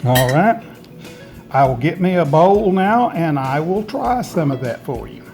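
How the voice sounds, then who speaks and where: A man's voice: on the high side, big pitch swings, moderate pace, creaky, music in the background. A man hosting a home gardening channel, chatting in a folksy, homespun way while he shows food he made in his home kitchen. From Tennessee, USA. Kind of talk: casual food demonstration.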